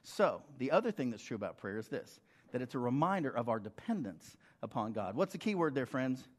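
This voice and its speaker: A man's voice: mid-range voice, big pitch swings, a little fast. A middle-aged man preaching a sermon in a conversational way, often asking the congregation rhetorical questions. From United States. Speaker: pastor.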